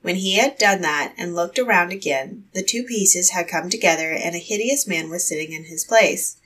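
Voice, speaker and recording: Bright, breathy woman reading a fairy tale. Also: fairly low pitch, normal speed, far from the mic, low-quality recording. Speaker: storyteller. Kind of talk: fairy tale read aloud.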